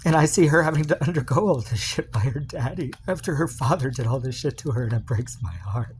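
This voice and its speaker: A man's voice: medium pitch, expressive, fairly quick, darkish tone, a little hiss or hum. A man recording a personal video message to his partner, rambling and confessional, full of fillers and restarts.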